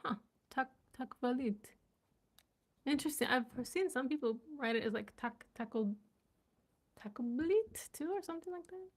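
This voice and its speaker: A woman's voice: sits high, lively intonation, normal speed, pauses often. A woman language vlogger chatting casually as she reads and sounds out unfamiliar words, curious and laughing at herself. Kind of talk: casual live reading and chat.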